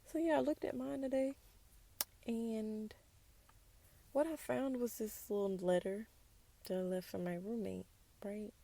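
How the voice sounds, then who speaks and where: Young woman hosting a casual solo podcast, sassy and candid, with a touch of fry in the voice. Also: on the high side, fairly even intonation, a little slow, long pauses, dark tone, a little hiss or hum. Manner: candid, sassy, drops into whispers for asides. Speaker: podcast host. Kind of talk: casual personal monologue.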